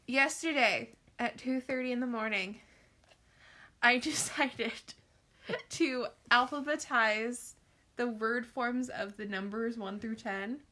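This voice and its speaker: A young woman co-hosting a casual podcast with her mother, telling quirky stories in an animated way. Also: a little high, slow. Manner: animated storyteller, quirky, laughs. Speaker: podcast co-host, daughter. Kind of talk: casual chat.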